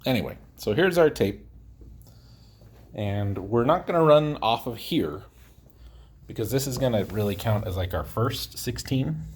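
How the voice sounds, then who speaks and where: Rambling, outspoken man with a lively voice. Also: medium pitch, unhurried, long pauses, slightly rough. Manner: rambling and outspoken, jokes about himself. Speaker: DIY builder host. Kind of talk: casual talk while building.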